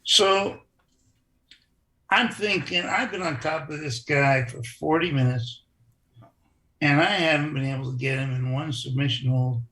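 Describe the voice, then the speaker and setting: A man telling stories in a casual interview, animated and acting out other people's lines. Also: a little high, unhurried, long pauses. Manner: animated storyteller who acts out quoted voices. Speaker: interview guest, former wrestler.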